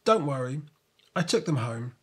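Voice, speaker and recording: Man doing a gentle, wise dad. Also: fairly high pitch, animated, normal speed, breathy edge. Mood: kind. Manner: soft, reassuring fatherly tone. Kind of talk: storybook reading.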